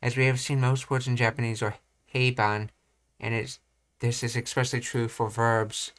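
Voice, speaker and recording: A young man reading and commenting on language study material, thinking aloud with halting restarts. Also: medium pitch, little pitch movement, fairly bright tone. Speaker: language teacher.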